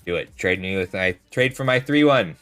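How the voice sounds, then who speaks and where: A man's voice: sits low, animated, normal speed, fairly bright tone, clear, resonant tone, soft background music. A man in his thirties, a streamer casually commenting on his card game and telling rambling stories as he plays. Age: 30s. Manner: rambling, chatty, talks to chat while playing. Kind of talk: casual gameplay commentary with storytelling.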